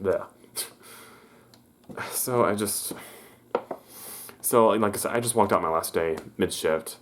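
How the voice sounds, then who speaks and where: A man's voice: medium pitch, unhurried, pauses often. Rambling young man telling a story. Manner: rambling, with many restarts and stammers; acts out quoted people in a raised voice. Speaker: vlogger. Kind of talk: casual storytelling.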